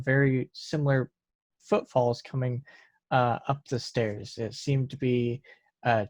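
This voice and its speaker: A man narrating a tabletop game as game master, pausing often on fillers. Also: medium pitch, dry recording. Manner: halting, with fillers.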